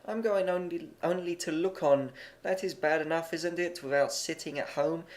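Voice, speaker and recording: A man's voice: a little high, moderate pace, lightly acted. A man reading as an earnest young war correspondent. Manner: earnest, pleading. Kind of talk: amateur audiobook reading.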